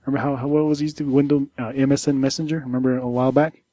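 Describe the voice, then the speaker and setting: A man co-hosting a casual tech podcast, rambling and halting with many restarts as he chats about the news. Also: mid-range voice, flat delivery, mellow, no echo. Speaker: podcast co-host.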